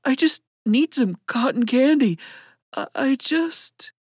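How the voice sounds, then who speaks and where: A woman voicing a desperate homeless man with a ragged, croaking voice, pleading. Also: medium pitch, animated, takes it slowly, dry recording, studio quality.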